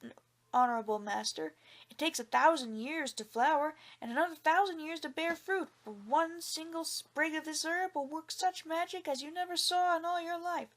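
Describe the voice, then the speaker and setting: A woman voicing a poor, clever young man who tricks a farmer with polite, calm words in a storybook reading. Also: high voice, moderate pace, pitched above the performer's own voice. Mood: sly polite.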